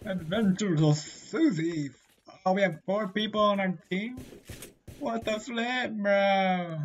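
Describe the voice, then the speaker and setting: A gaming creator doing casual let's-play commentary, excitable and slangy, blurting reactions and yelling at other players. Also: mid-range voice, slow, a little hiss or hum. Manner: slangy gamer talk.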